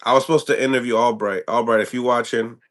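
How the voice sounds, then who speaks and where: A man's voice: mid-range voice, steady tone, fast talker. A man hosting a casual live-stream chat, laid-back and slangy. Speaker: host.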